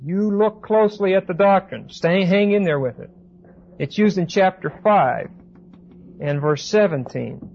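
A man giving a Bible class lecture, reading verses slowly with emphasis and then explaining them in casual asides. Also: sits high, vocal fry. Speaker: Bible teacher. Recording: dull lo-fi recording with faint hiss.

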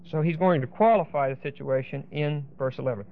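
A Bible teacher with a fairly high, vocal-fry-tinged voice leads a class, explaining each point and pausing to make sure everyone is following. The audio sounds dull and muffled, its top end rolled off.

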